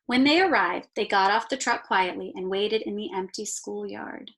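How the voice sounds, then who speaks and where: A woman teacher reading a picture book aloud to her class, slow and expressive, stopping to point out the pictures. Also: medium pitch. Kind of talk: read-aloud storytime.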